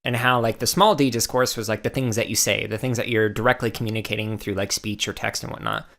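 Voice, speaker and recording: A man hosting a podcast interview, talking in a relaxed way and often saying "like". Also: on the low side, quick pace, vocal fry. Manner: relaxed, lots of "like" fillers. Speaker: podcast host. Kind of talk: casual interview chat.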